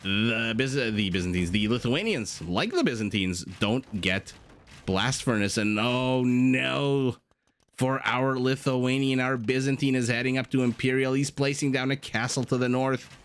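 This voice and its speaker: A male esports caster talking over a strategy match. His pitch sits in a middle range and leaps up sharply when something surprises him. He drifts into jokey personal asides and then comes back to the play-by-play. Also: a little slow. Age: adult, married with a young child. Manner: animated, rambling, jokey asides. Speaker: game caster. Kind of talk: esports commentary.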